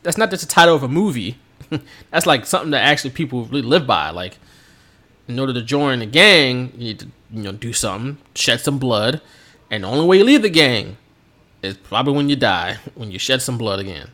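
Dude co-hosting a podcast, lively swingy voice, bright tone, jokes around a lot. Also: male voice, medium pitch, a little fast. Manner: animated, jokey, laughs often. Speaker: podcast co-host. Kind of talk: casual chat.

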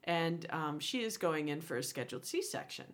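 A woman's voice: sits low, very animated, moderate pace. A middle-aged woman in a casual chat, retelling conversations in a chatty way with lots of fillers. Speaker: podcast co-host.

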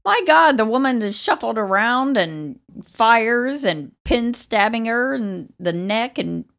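A woman co-hosting a podcast, reacting with animated, indignant bursts in casual chat. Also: fairly high pitch, takes it slowly, gravelly. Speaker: podcast co-host.

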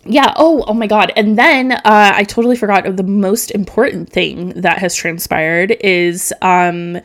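A woman's voice: mid-range voice, measured pace. A young woman hosting a solo podcast, rambling and emotional, tearful at times, swearing casually and filling gaps with ums. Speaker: podcast host.

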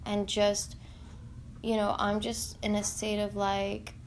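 Woman, earnest spiritual confession, halting and searching for words, slow-paced, faint noise behind. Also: medium pitch, completely flat delivery. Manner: earnest and heartfelt. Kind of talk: emotional spiritual monologue.

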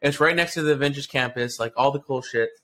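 Fast speech at a medium pitch, with a bit of background noise. The podcast co-host is an excitable, cursing storyteller, working through a rambling tale full of fillers and restarts on a casual show.

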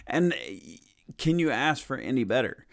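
A man's voice: medium pitch, lively intonation, measured pace. A man gives a conversational sermon in a mid-range voice. He talks earnestly and plainly, circling back over his words as he builds each point. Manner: earnest, plain-spoken, repeats and restarts phrases. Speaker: preacher.

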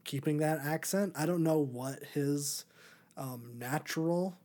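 A man's voice: a little high, a little slow, a little mellow. A man hosting a podcast, chatting casually through a movie review with many ums and restarts. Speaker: podcast host.

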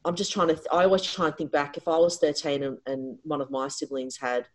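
Husky-voiced middle-aged woman telling a story. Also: low-pitched, fast talker, rough recording. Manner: animated and expressive, with frequent restarts. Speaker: interview guest, parent. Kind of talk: casual personal storytelling.

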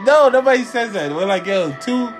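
A man's voice: very high voice, lively intonation, moderate pace, music in the background. A young man with a New Jersey accent co-hosting a podcast, arguing brashly and swearing. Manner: brash, argumentative, swears a lot. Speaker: podcast co-host. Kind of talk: casual banter.

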